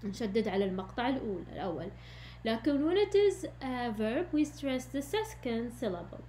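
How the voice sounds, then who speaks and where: A woman's voice: fairly high pitch, sing-song, very fast, mellow, slight background noise. Woman teacher. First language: Arabic. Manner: explains in English then repeats in Arabic. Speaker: English teacher. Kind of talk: recorded classroom lesson.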